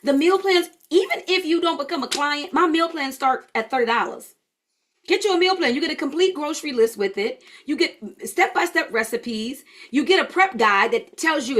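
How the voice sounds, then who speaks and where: A holistic health coach runs a live online class, her voice higher-pitched and a bit bright. She's tired and yawning, yet chatty and informal, bantering casually and calling her viewers "y'all."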